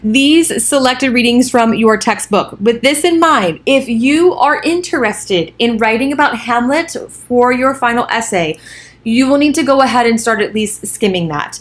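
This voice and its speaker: A woman's voice: fairly high pitch, animated, unhurried. A woman teaching a college English course, giving a casual recorded overview of the week with chatty asides and fillers.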